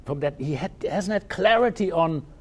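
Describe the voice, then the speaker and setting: A man's voice: fairly high pitch, lively intonation, normal speed, husky. Man giving a Zen talk. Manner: conversational, many restarts and fillers. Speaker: Zen teacher. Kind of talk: dharma talk on a koan.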